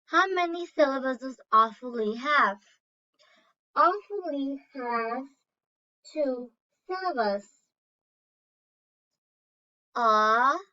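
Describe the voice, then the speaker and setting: A woman's voice: sits high, pushed and bright. A woman teacher giving a lesson, reading aloud and carefully sounding out syllables and vowel sounds. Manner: slow, deliberate, sounding out words. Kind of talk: online phonics lesson. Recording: dull lo-fi recording.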